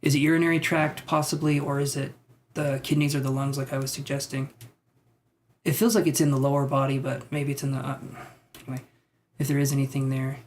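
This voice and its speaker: A man giving psychic tarot readings on a live stream. He talks in a tentative, musing way, thinks out loud with many fillers, and reassures his viewers. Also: medium pitch, level tone, fairly quick, a little hiss or hum. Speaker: tarot reader.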